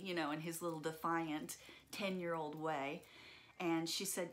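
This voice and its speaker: A woman with a notably low voice recounts a personal story. She talks in an earnest, reflective way, pausing often with fillers. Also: fairly even intonation.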